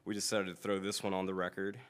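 A singer and guitarist talking casually in an interview, easygoing and laid-back. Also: male voice, low-pitched, level tone, fast talker.

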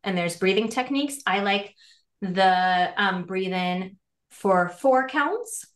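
A woman guest coach in an animated podcast interview, laughing often and acting out little quoted voices. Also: medium pitch, takes it slowly. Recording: roomy echo.

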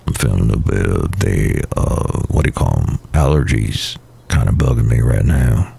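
A man voicing a gruff, grumbling male fiddle player in a very deep, gravelly, husky voice. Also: animated, moderate pace, warm tone, heavily acted.

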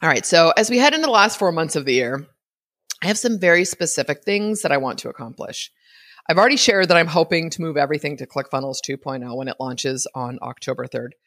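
A woman's voice: low voice, expressive, quick pace, fairly bright tone, no room sound, clean studio sound. A woman hosting her own podcast, giving a chatty, rambling solo update with many fillers. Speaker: podcast host.

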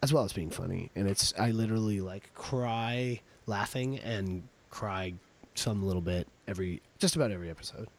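A man's voice: on the low side, moderate pace. Rambling, joking male podcast host. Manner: joking, rambling, self-interrupting. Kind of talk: casual chat.

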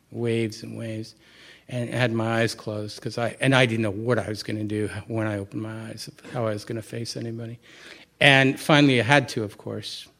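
A man's voice: fairly low pitch, vocal fry, a bit bright. A middle-aged man, a Buddhist teacher, giving a candid, conversational talk to a live audience and telling a personal story with frequent restarts.

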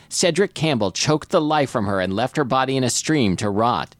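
A man co-hosting a comedy podcast, reading a romance novel aloud in a dry, deadpan way between casual banter. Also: medium pitch, normal speed, dry recording.

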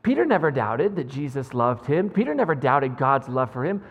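A man's voice: mid-range voice, big pitch swings, normal speed, phone-quality sound. A man preaching a sermon as a pastor, impassioned and conversational, recorded in a church with a long hall reverb.

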